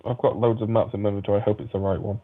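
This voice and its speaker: A man's voice: lowish voice, very fast. A man chatting casually while playing a game with a friend, hesitant and chuckling often. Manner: relaxed, hesitant, chuckles a lot. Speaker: gamer. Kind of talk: casual let's play chat. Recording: tinny phone-like line.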